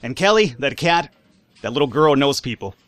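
A man reading out the lines of a gruff male police boss giving curt orders in a game. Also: mid-range voice, lively intonation, moderate pace, a bit bright, no room sound, close to an everyday voice. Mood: stern. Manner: curt, commanding.

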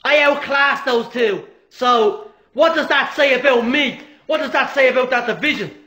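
A man doing a high, cocky fighter. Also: moderate pace, bright, forceful tone, echoey room. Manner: boastful, swearing, mocking. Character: brash cocky male fighter, trash-talking.

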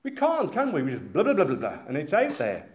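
British man, preacher, lively sermon, bouncing intonation, roomy muffled recording. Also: fairly high pitch, a little fast. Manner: animated, conversational preaching with asides. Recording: echoey, dull-sounding hall recording.

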